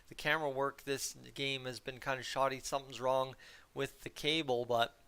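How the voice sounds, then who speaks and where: A man's voice: medium pitch, clear, resonant tone. A young Canadian man from Alberta with a nasal voice, doing chatty live play-by-play of a hockey game and talking with his stream chat. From Cold Lake, Alberta, Canada. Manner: rambling, chatty, gets loud on shots.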